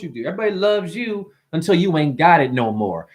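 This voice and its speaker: Animated, profane man ranting on a livestream. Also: normal speed, few pauses. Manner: profane, animated, mimics customers in high voices. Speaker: livestream host. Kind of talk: rambling livestream rant.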